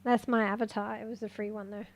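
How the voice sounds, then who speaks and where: A woman streaming a game live in casual chat, easily excited and swearing freely, swinging between quiet muttering and loud outbursts. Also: mid-range voice, fast, creaky.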